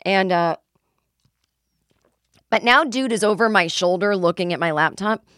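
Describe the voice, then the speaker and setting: A woman's voice: mid-range voice, a little slow, fairly bright tone, dry recording, clean studio sound. A woman comedian hosting her podcast, telling a rambling, self-deprecating story and swearing casually. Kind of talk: comic storytelling monologue.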